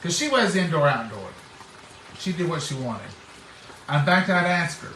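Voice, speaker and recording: This middle-aged man is very animated, his voice a little high and his tone sharp, speaking at normal speed. In casual chat he tells folksy homespun stories and acts out what people said, recorded roomy and distant-miked with a little hiss or hum.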